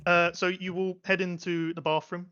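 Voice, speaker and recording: A man narrating as game master of a tabletop game, halting often with fillers. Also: high voice, flat delivery, sharp tone, clean tone. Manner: hesitant, many fillers. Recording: lo-fi mic.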